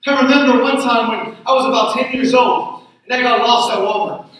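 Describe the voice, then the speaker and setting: A pastor from Tucson preaching a sermon, telling a personal story in an earnest way and repeating phrases for emphasis. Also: male voice, extremely high pitch, steady tone, brisk, fairly bright tone. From Tucson, Arizona. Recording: echoey hall, mic from far off.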